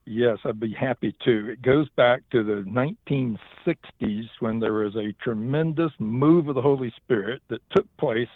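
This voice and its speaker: A man's voice: medium pitch, no room sound. A man with a Southern US accent, from western North Carolina, speaking earnestly as a ministry director in a casual interview. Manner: earnest, laughs easily. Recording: dry, phone-like line.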